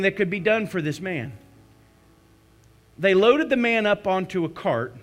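High-voiced impassioned male pastor. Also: expressive, unhurried, long pauses, faint music behind. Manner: impassioned storytelling, rising to cries then hushing to prayer. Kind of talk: sermon.

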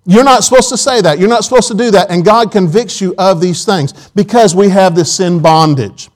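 A man's voice: high voice, moderate pace, poor audio. A man preaching a sermon in a church auditorium, telling folksy personal stories with quoted asides.

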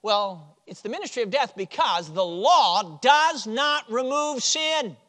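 A man from Chicago preaching a sermon, moving from loud stressed phrases to quiet, low drops. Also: lively intonation, a little slow. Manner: swings from loud emphasis to quiet drops, with chuckles.

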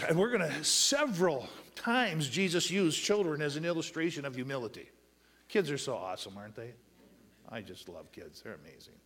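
A man preaching a sermon who reads scripture slowly, calls on the congregation to fill in words, and swings between loud raised passages and quiet asides. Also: sits high. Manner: asks the congregation to finish verses with "what?"; reads scripture in slow drawn-out phrases. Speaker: pastor.

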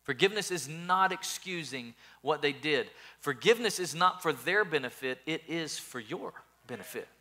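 A man's voice: a little high, lively intonation, normal speed, few pauses, sharp tone. A male pastor preaching a sermon earnestly, often repeating words as he builds his points.

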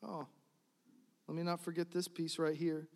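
A man preaching a sermon to his congregation as pastor, building to emphatic loud stretches and dropping to soft, quiet ones. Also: on the high side, monotone, normal speed, creaky, big-room sound.

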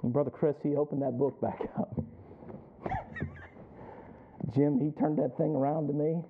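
Man, pastor, storytelling sermon, slightly high voice, thin tinny audio. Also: fairly even intonation, unhurried, slight background noise. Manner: storytelling preacher addressing listeners by name, building to loud emphatic peaks.

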